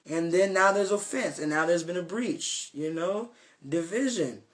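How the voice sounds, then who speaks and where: A young man with a high, light voice talks through a devotional lesson in an earnest, unscripted way. He rambles, circles back, and fills gaps with fillers and restarts. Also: a little slow, a bit bright. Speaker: self-made preacher. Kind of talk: informal spoken devotional talk.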